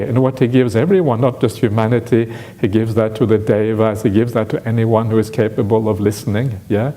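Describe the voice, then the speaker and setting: A man giving a Buddhist dharma talk at a retreat, telling a story with many "uh" fillers and lively acted-out quotes. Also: mid-range voice. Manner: frequent "uh" fillers, animated when acting out quotes. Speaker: Buddhist monk teaching a retreat. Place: retreat centre hall.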